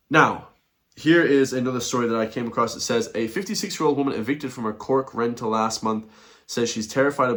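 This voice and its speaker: In a video commentary, a man with a mid-range, slightly bright voice delivers a blunt, repetitive rant, chuckling between his points.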